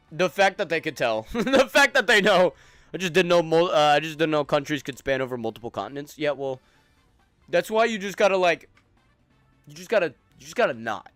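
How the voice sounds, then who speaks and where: A man's voice: medium pitch, smooth, no echo. Profane young man streaming casually. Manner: loose, profane banter, laughs often. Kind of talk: casual gaming stream chat.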